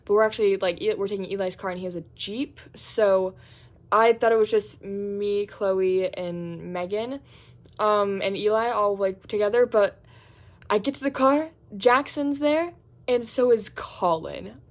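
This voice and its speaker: A woman's voice: mid-range voice, unhurried. A young woman, a college student, chatting casually about her day in a vlog, filling her talk with "like" and acting out what people said. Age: young adult. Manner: chatty, heavy use of "like"; acts out quotes in squeals and groans.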